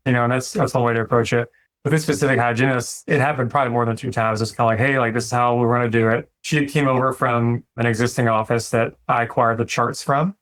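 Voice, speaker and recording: A man, a dentist talking through running his practice in a relaxed, reflective way and acting out conversations with his staff. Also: medium pitch, fast. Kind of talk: casual interview talk.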